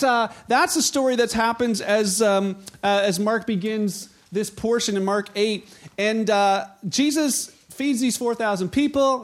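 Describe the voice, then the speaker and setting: A man with a high, light voice preaches in an easygoing, conversational way. He often restarts his sentences, drops in small jokes, and brings the Bible scene to life by acting out what the figures say. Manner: frequent restarts and fillers, light humor. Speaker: pastor. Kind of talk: sermon.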